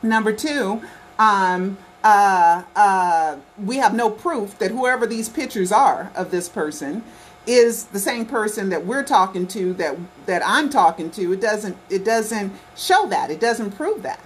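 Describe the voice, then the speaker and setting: A woman's voice: medium pitch, animated, a little slow, slight background noise. A woman vlogging to her camera at home, talking insistently and repeating herself, with lots of "okay" and "right" as she goes. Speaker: conspiracy documentary vlogger. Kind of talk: casual talk to camera.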